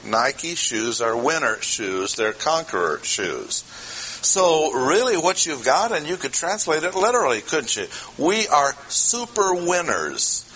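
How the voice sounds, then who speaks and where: A man's voice: medium pitch, very animated, a little slow, sharp tone, slight background noise, rough recording. A man preaching an expository sermon, talking conversationally and putting questions to the congregation. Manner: conversational, asks the audience questions. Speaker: pastor.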